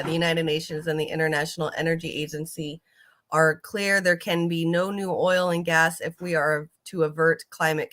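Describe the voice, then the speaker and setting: A woman with a bright, slightly low voice talks through videos in a casual reaction commentary. She rambles and fills her sentences with ums and likes, and swears casually.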